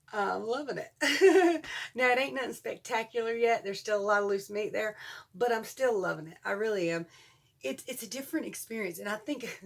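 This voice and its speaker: A woman in her forties with a Southern US accent, chatting excitedly to her vlog viewers and laughing often. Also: medium pitch. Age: 40s. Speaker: vlogger. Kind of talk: casual chat to camera.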